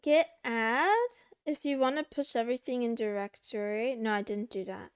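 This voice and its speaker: A woman's voice: a little high, normal speed, clear, resonant tone, dry recording, studio quality. A young woman streamer chatting casually to her chat, playful and a bit whiny, meowing and muttering to herself. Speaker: VTuber livestreamer.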